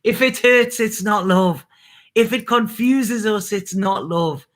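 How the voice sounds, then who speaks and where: A woman's voice: mid-range voice, slow. A woman who reads tarot, talking to her viewers in a casual, earnest live stream about love and purpose, laughing easily and swearing now and then. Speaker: tarot reader hosting a live reading.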